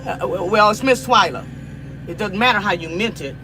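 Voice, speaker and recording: Middle-aged American woman live-streaming, bright forceful voice, repeats her points emphatically. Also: mid-range voice, moderate pace, a little hiss or hum. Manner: emphatic, repetitive and preachy. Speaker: livestream cooking host. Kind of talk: casual live-stream talk to viewers.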